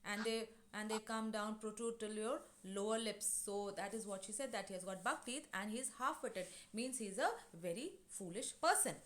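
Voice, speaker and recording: A woman's voice: mid-range voice, moderate pace, few pauses, fairly bright tone. A woman teaching an English class, retelling a play scene with lots of fillers and acting out the lines. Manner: explanatory, many fillers, acts out lines. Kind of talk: classroom lesson explaining a play.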